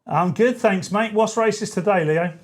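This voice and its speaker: A man with a high-sitting voice, speaking at a normal speed, hosts a talk radio show. He's chatty and rambling, often correcting himself mid-sentence in casual radio chat.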